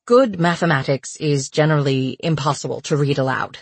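Narrator putting on a nervous young academic guy, kinda british accent, a little husky. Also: mid-range voice, dry recording, natural voice. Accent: vaguely British. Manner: nervous, halting delivery.

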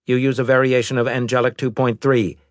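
A man's voice: medium pitch, little pitch movement, fairly quick, no echo, voice pushed up, close to an everyday voice. A man voicing a rigid alien robot that speaks in a stiff, formal, insistent way. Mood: demanding.

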